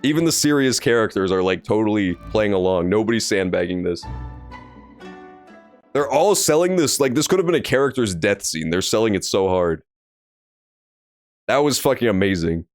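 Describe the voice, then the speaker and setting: A man streaming a game, talking excitedly and profanely and mock-scolding his chat. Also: fairly low pitch, normal speed, faint music behind. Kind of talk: let's play commentary.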